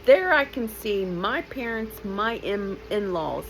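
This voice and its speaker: Woman in her 50s telling her own story, blunt and lively, little faint hiss behind. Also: medium pitch, slow pace, poor audio. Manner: lively, blunt, emotional retelling with asides. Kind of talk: personal storytelling.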